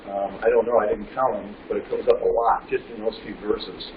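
A Bible teacher with a lowish voice and steady tone preaches through scripture verse by verse, reading slowly and deliberately and posing questions to listeners that he then answers himself. He's far from the mic in a roomy, echoing space, and the dull, lo-fi recording carries a faint hum of ambience.

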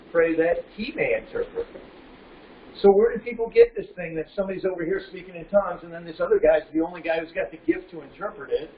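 A man teaching a Bible lesson like a sermon, reading verses slowly and asking the audience questions he answers himself. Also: sits high, steady tone, slight background noise. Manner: reads scripture slowly and deliberately. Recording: roomy, distant, dull lo-fi recording with faint ambience.

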